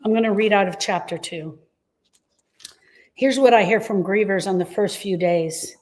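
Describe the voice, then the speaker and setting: A middle-aged woman talks straight to grieving listeners, earnest and emphatic. She leans on repeated phrases to reassure them, and her pitch sits in the middle of the range. The delivery is a heartfelt live talk, not a polished script. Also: moderate pace, pauses often, darkish tone. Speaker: grief coach and host.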